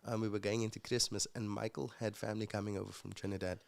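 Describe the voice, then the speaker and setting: A man from Africa, a podcast guest telling his story in a casual, reflective way, pausing with fillers and restarts. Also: fairly low pitch, level tone, vocal fry. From South Africa.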